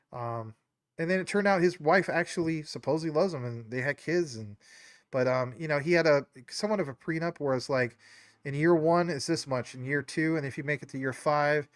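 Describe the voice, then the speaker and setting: A man's voice: a little high, dry recording. Rambling man with a stuffy nose. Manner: rambling, many fillers and tangents. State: stuffy nose, a little choked up. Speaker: livestream host. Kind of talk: casual live chat.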